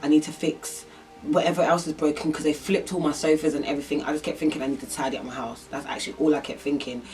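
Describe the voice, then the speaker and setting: A woman's voice: low-pitched, flat delivery, fast, a little mellow, distant mic, soft background music. A young woman telling a personal story in a vlog, rambling and emotional with lots of fillers. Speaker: vlogger.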